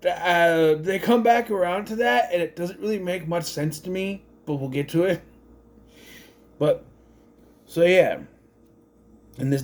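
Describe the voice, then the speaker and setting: A man reviewing a film in a loose, unscripted way, his pitch swinging up and down a lot as he talks. He rambles, restarts sentences and corrects himself mid-thought. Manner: rambling, self-correcting, thinks aloud with many restarts. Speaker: movie reviewer. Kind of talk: casual spoken movie review.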